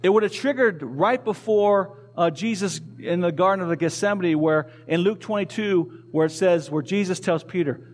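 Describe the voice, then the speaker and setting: A man's voice: sits high, moderate pace, hardly any pauses. A male pastor preaching a sermon in a conversational way, asking the congregation questions and repeating key phrases. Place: church.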